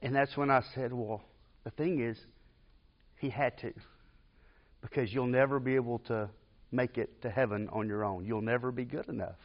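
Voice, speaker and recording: A man's voice: medium pitch, steady tone, normal speed, pauses often. A man teaching a church Bible class, telling a personal family story in an earnest, emotional, conversational way. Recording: dull lo-fi class recording.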